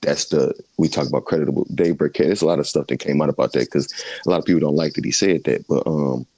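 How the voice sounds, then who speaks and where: A man co-hosting a sports podcast, talking in a rambling, joking, animated way. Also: a bass voice, fast, husky, no room sound. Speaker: podcast co-host. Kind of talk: casual sports chat.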